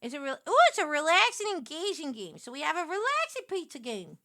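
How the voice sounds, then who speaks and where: A woman with a New York accent, chatting casually with her stream viewers, animated and quick to laugh. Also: high-pitched. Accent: New York City. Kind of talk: casual live-stream chat while picking a game.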